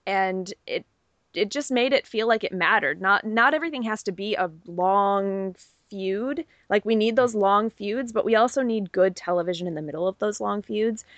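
A podcast co-host gives an enthusiastic, opinionated recap in a casual wrestling chat. Her medium-pitched voice moves at normal speed, with no room sound.

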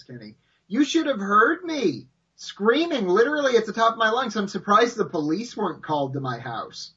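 A bright, sharp-toned man talks wrestling with a co-host. He sounds husky and a little breathy, and his low-fidelity mic dulls the sound. He is animated and gets loud when he gets carried away. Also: normal speed, muffled recording. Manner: animated, shouts when retelling his reactions. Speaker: podcast co-host. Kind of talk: excited casual wrestling chat.

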